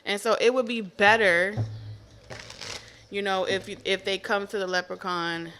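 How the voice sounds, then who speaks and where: A woman giving a casual tarot reading to camera, animated and profane, repeating herself with laughing asides. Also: mid-range voice, measured pace, a little hiss or hum. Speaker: tarot reader.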